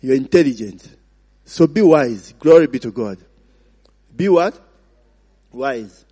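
A man's voice: medium pitch, animated, slow pace, dark tone, slightly rough. A man with a Ugandan accent preaching a sermon, asking the congregation to finish his sentences and mixing in Luganda phrases. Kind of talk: sermon with call-and-response questions. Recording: long reverb of a large hall.

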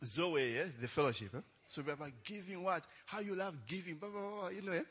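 A man's voice: high-pitched, a little fast, a bit bright, husky. A young adult man, a pastor telling a story in a chatty sermon, laughing often and tagging lines with "eh?".

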